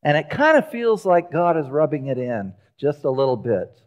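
A man preaching a sermon in a church, telling the story with lively acted-out voices. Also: fairly high pitch, moderate pace, highs cut off. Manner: animated storytelling, acting out quoted voices. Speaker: pastor. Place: church sanctuary.

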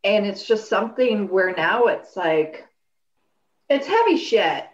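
A blunt woman in her late thirties who swears freely and speaks in an animated way while co-hosting a casual chat podcast. Her voice sits at a middle pitch. The sound is slightly dull and lo-fi. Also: slow pace. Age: 30s. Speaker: podcast co-host.

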